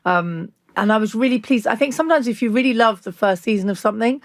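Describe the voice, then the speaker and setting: A woman's voice: a little high, quick pace, no room sound, studio quality. Enthusiastic woman hosting a podcast. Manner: enthusiastic, effusive. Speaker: podcast host. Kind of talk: casual interview chat.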